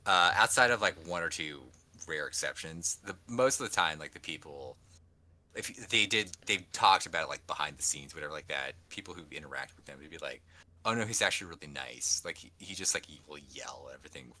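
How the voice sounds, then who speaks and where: A man's voice: extremely low pitch, fairly quick, pushed and bright. A man co-hosting a casual podcast, rambling with restarts and acting out quoted people. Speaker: podcast co-host. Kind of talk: casual chat.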